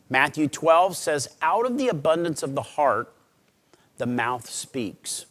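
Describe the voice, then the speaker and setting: A middle-aged pastor preaching a sermon in an earnest, conversational way, swinging between loud emphasis and quiet pleading. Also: male voice, a little high. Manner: conversational, with restarts and asides.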